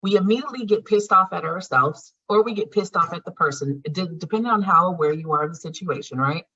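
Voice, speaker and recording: Woman, lowish bright husky voice, blunt foul-mouthed healing teacher, lo-fi recording. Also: quick pace. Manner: blunt, frequent swearing, conversational. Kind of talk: casual spoken lesson. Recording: dull lo-fi sound.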